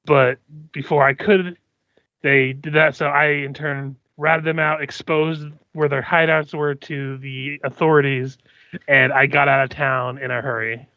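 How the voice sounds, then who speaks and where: A man voicing a dwarf who was once a thief, confessing in a halting, hesitant way, on dull lo-fi audio. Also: mid-range voice, level tone, no echo, lightly acted.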